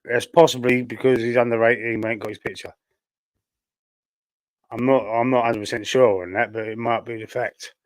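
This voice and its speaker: A man's voice: medium pitch, flat delivery, normal speed, no room sound. A man with a Cockney accent, chatting casually on a football fan stream, rambling and thinking aloud with lots of fillers while fighting a cough. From London, England. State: coughing, a bit choked. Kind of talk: casual live-stream chat, reading viewer comments.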